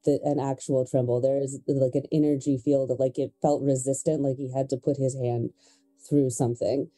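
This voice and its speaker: Low, dark-voiced woman player. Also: level tone, normal speed, faint music behind, poor audio. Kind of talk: casual role-play talk.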